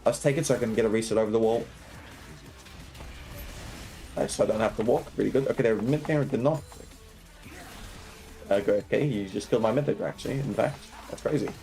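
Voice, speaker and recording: A man's voice: on the low side, vocal fry, warm tone. A young man streaming and coaching a video game, explaining each move and checking in with viewers as he plays. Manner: quick, explanatory, keeps checking in with "right?" and "okay?"; laughs and banters with chat. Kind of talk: live gameplay commentary.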